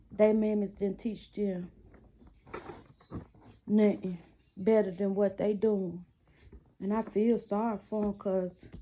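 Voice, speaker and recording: This vlogger's voice sits fairly high but has a dark tone, with a slight hiss or hum in the audio. She chats casually to camera while lacing shoes in her small, cluttered home room, offering sassy and preachy advice about relationships.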